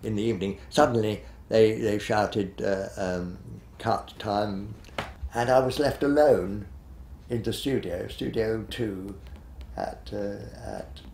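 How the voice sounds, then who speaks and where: A man's voice: fairly low pitch, slow, a little mellow, reverberant, slight background noise. A man in his eighties, a retired television director, reminiscing in an interview in a rambling, hesitant way, full of fillers and restarts. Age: 80s.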